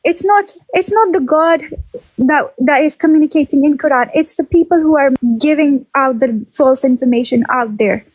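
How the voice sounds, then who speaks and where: A woman's voice: sits high, normal speed, darkish tone, no room sound, low-quality recording. A young woman from Ireland in casual religious discussion, earnest and out of breath, often repeating words as she searches for phrasing. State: pregnant, out of breath. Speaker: guest.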